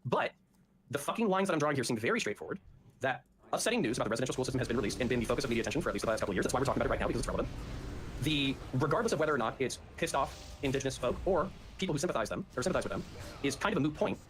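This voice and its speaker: A man's voice: medium pitch, lively intonation, racing. Combative profane man, noisy background. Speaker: debate participant. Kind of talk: heated online debate.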